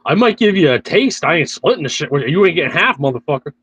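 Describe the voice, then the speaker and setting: Husky man, joking podcast banter, swears freely, slightly high voice. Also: sing-song, a bit bright, no echo, rough recording. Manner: joking, profane, drawn-out slow remarks. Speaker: podcast co-host. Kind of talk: casual chat.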